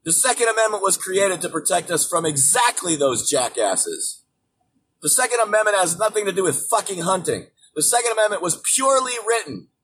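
A man hosting his own show, delivering an angry, profane political rant with frequent swearing and sudden shouted bursts. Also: sits high. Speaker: show host. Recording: distant mic with faint background noise.

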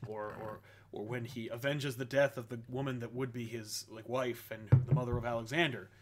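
A man co-hosting a casual podcast chat, animated and ranting, dropping into quick mock voices. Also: mid-range voice, a little hiss or hum. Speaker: podcast co-host.

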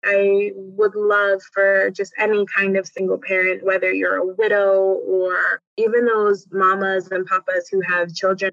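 A woman's voice: mid-range voice, a bit bright, no echo. A woman talking as a podcast guest in an earnest, encouraging way, sharing her faith as a single mother. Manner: earnest, encouraging, with bursts of laughter. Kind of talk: faith-based conversation. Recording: dull, dry podcast audio.

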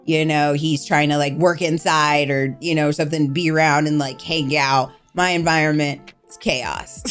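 A woman's voice: low-pitched, fairly even intonation, normal speed, few pauses, faint music behind. A woman co-hosting a casual chat, talking openly and rambling a little. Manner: open, rambling, restarts often. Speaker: podcast co-host and vlogger.

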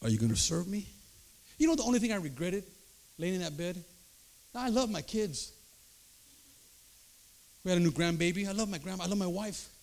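An older man preaching a sermon, emphatic, checking in with the crowd through quick rhetorical asides. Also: high voice, darkish tone. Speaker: pastor.

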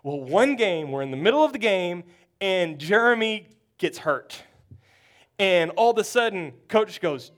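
A pastor from Texas telling a story in a sermon, animated and acting out the people in it. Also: male voice, sits high, a little slow. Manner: animated storytelling, acts out quotes.

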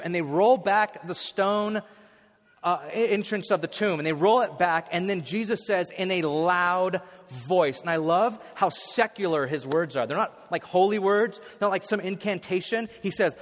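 A man preaching a sermon as a pastor, telling stories animatedly and swinging from hushed to loud. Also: high voice, normal speed, in a large hall.

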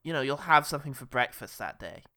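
A man's voice: mid-range voice, expressive, fast talker, sharp tone. A man co-hosting a casual film podcast, swearing freely and laughing often. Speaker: podcast co-host reviewing a film. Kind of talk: casual chat.

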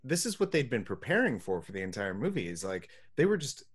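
A man's voice: mid-range voice, sing-song, fairly quick, slightly rough. A man co-hosting a podcast, recapping a bad movie in loose, profane casual chat with many ums. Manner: laid-back, profane, trails off with ums and laughs. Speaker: podcast co-host.

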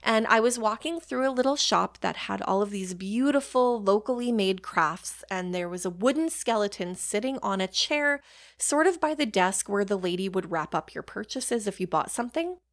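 A woman's voice: mid-range voice, animated, normal speed. Woman, young adult, podcast host, casual storytelling, chatty, swears casually, self-deprecating.

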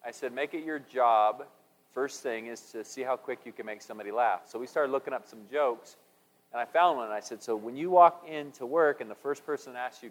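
A man tells jokes and stories from the pulpit in a loose, folksy way, full of fillers and restarts. His voice sits at an ordinary pitch. The sound rings with the long reverb of a large hall. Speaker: preacher.

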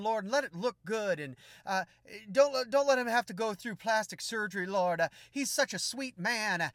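A man doing a shrill, gushing prayer lady. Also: no echo, studio quality. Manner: high, shouting, gushing prayer. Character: fervent loud woman intercessor, gushing praise.

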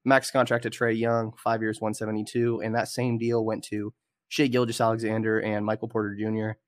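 A man hosting a casual sports podcast, a little congested and nasal, talking in a relaxed conversational way. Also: lowish voice, brisk, no room sound, studio quality. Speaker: podcast host.

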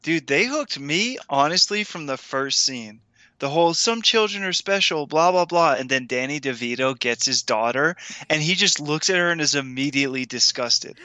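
A man's voice: medium pitch, normal speed, pushed and bright, no room sound. A man co-hosting a casual film review podcast, laid-back and joking. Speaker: podcast co-host. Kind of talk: casual movie review chat.

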